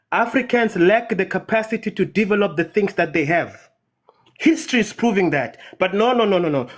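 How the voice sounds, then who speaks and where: A man from Nigeria ranting passionately in a heated live audio-room debate, repeating words for emphasis. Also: high-pitched. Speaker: debate participant.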